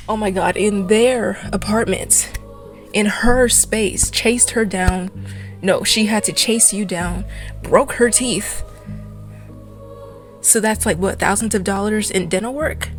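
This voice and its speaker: A young adult woman giving a fast, exasperated ranting commentary for a video essay. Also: medium pitch, soft background music.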